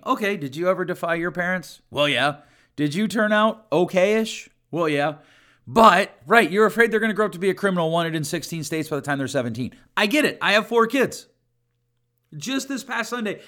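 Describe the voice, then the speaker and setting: A man's voice: a little high, fairly bright tone. A middle-aged man hosting a podcast, talking earnestly and conversationally, giving advice and repeating key points for emphasis. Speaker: podcast host and counselor. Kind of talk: solo podcast talk, advice.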